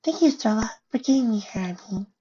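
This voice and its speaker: A reader voicing a shy, timid young female pegasus pony with a soft, squeaky voice, in a muffled lo-fi recording. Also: expressive, fairly quick, a little hiss or hum, natural voice. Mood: grateful.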